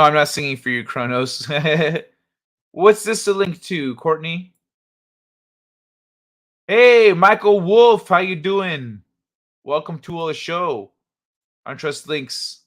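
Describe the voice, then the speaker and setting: A man's voice: a little high, fairly bright tone. Joking man hosting a late-night stream. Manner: joking, crude, talks to chat. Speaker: host.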